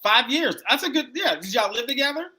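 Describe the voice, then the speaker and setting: Male dating-show host, high bright voice, chatty, echoes answers back. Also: lively intonation. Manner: chatty, quick reactions, repeats answers back. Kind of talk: live-streamed dating interview.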